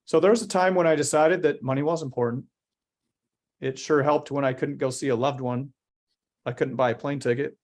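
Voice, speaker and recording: A man's voice: medium pitch, fairly even intonation. Earnest motivational man. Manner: earnest, motivational, slows to stress key words. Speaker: company founder and CEO. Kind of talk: interview answers.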